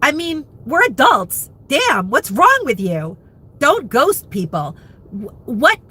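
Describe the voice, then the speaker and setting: A woman's voice: sits high, huge pitch swings, slow, bright, forceful tone. Candid, emotional woman in her fifties. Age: 50s. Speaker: vlogger. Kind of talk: candid live chat.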